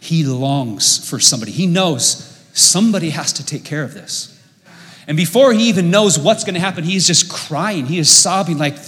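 A middle-aged man preaching a sermon in a church auditorium, telling stories with sudden swings between loud and quiet. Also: a little high, animated, moderate pace. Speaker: pastor. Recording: long reverb of a large hall.

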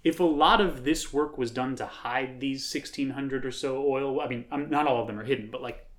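A man's voice: medium pitch, normal speed, a bit bright. A man from upstate New York chatting as a podcast co-host. His voice sits mid-range, and he talks casually and emphatically, leaning on fillers as he thinks aloud. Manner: conversational, emphatic, many fillers.

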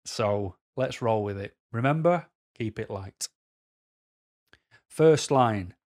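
A man's voice: lowish voice, animated, slow, a little mellow. A man giving dating advice to camera in a casual vlog, jokey and self-deprecating.

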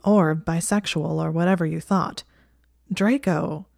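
A woman's voice: low voice, fairly even intonation, a little slow, gravelly, darkish tone, dry recording, studio quality, heavily acted. A woman voicing an exasperated young male wizard with a wry, sardonic manner.

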